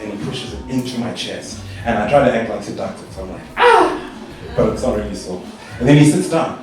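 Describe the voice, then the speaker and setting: A young man from South Africa performing a stand-up comedy routine, telling stories in an animated way and jumping to high squeals when he quotes himself. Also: fast. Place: stage in a club or hall. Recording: echoey live stage sound from a distance.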